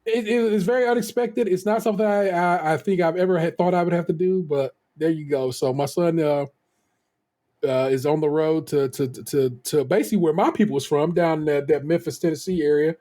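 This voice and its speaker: Middle-aged man, podcast co-host, slightly high voice, rambling storyteller, casual swearing. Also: fairly even intonation, brisk, mellow. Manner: rambling storytelling, frequent restarts, swears freely.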